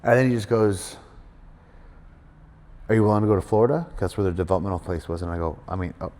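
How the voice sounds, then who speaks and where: Brief: middle-aged male guest, low voice, quick talker, reverberant room. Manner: animated storyteller, acts out quoted voices, many fillers. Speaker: guest wrestler. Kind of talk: casual storytelling interview. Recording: hall reverb.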